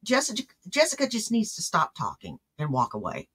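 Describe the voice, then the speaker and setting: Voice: medium pitch, wildly swooping pitch, brisk, a bit bright, slightly rough. A commentator speaking bluntly and with exasperation, reacting to a stream.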